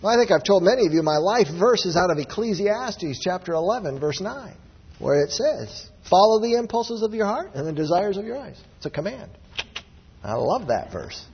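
A man's voice: high voice, big pitch swings, normal speed, breathy edge. A man preaching a sermon with emphatic, rising exclamations. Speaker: pastor. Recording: dull lo-fi audio with long hall reverb.

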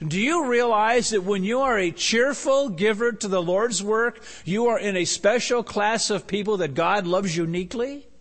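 A man preaching a sermon as pastor. He is emphatic, repeats key phrases and asks rhetorical questions. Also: high-pitched. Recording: long hall reverb.

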